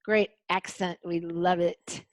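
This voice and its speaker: A woman's voice: on the low side, little pitch movement, takes it slowly, no echo. Effusive woman hosting a video-call chat. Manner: warm, effusive, lots of "mm" and "gorgeous". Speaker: host. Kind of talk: casual interview chat.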